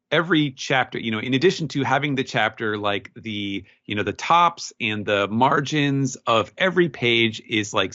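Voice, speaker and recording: A man's voice: fairly low pitch, a bit bright, dull audio. A man co-hosting a podcast, explaining at length in casual chat, full of fillers and restarts. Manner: rambling, many fillers and restarts. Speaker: podcast co-host.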